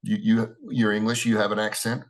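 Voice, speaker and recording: A man's voice: lowish voice, monotone, a little fast, a little hiss or hum. A middle-aged American man, a wrestler, answering interview questions in a rambling way with many restarts and "you know"s. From United States.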